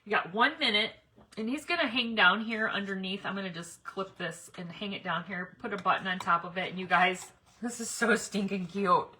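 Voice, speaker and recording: A woman's voice: medium pitch, normal speed, pushed and bright. A woman chatting with viewers while demonstrating a craft project on a live stream. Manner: chatty, talks while working, addresses viewers directly. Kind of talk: live crafting demo chat.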